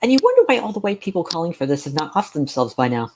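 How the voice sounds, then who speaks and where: A man's voice: medium pitch, big pitch swings, very fast, hardly any pauses, darkish tone. A man chatting casually on a live stream, ranting sarcastically and rambling with frequent restarts. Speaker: game streamer.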